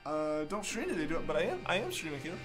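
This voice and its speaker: Young male game streamer, fairly high voice, easygoing chat, clear game music behind. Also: huge pitch swings, very fast, fairly bright tone. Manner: chatty and easygoing, with frequent fillers. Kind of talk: casual live-stream chat, reading viewer messages aloud. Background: game music playing.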